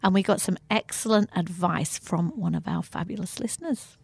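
A woman co-hosting a podcast in casual chat, upbeat and quick to laugh. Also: fairly low pitch, gravelly, darkish tone, breathy edge, dry recording. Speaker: podcast co-host.

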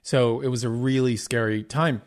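A man's voice: mid-range voice, steady tone, moderate pace. A middle-aged man hosting his own show, telling a personal story in a candid, earnest way, with many restarts and quoted dialogue. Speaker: podcast host.

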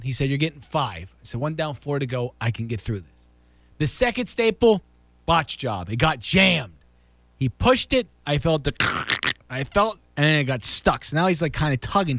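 A man's voice: mid-range voice, fairly bright tone, dry recording. A man casually telling a story, acting out quotes and restarting sentences.

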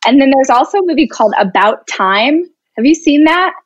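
A woman in her thirties, a guest speaker talking in an animated, expressive way during a casual interview. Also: high voice, brisk, no echo, highs cut off. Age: 30s. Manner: animated and expressive, laughs easily.

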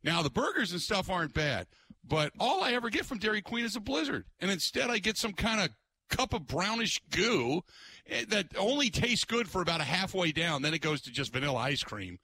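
A man hosting a talk radio show, ranting in an exasperated, animated way and putting on mocking voices. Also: high-pitched, moderate pace, slightly rough. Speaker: radio host.

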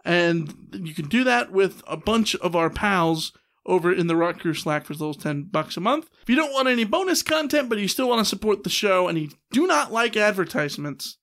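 Man, 30s, high voice, podcast co-host, casual chat, filler-heavy. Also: a bit bright. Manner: quick, chatty, with many "uh" fillers.

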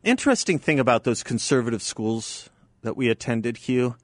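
A man hosting a studio radio talk show, joking with his guests and laughing loudly at his own stories. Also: medium pitch, animated, moderate pace, no echo.

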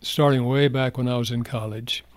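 An older man, a guest author, telling personal stories in an earnest, heartfelt way, going soft in emotional moments. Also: mid-range voice, steady tone, normal speed, dry recording. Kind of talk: reflective personal storytelling.

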